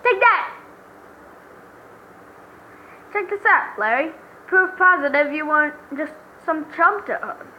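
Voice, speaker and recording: A woman's voice: high-pitched, expressive, moderate pace, dull audio, slight background noise. A woman voicing a young male defense lawyer in a game, earnest and emphatic in a dramatic way. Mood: triumphant.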